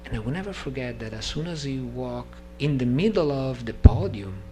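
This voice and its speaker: A man, not a native English speaker, telling a personal story at a devotional gathering, halting and restarting sentences and acting out the dialogue. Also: medium pitch, slight background noise. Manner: animated, acts out dialogue in story.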